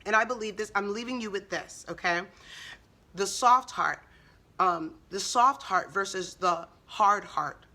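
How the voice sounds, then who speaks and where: A woman's voice: mid-range voice, a little slow, sharp tone. A woman giving an earnest Christian encouragement talk, preacherly, full of rhetorical questions. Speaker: Christian speaker.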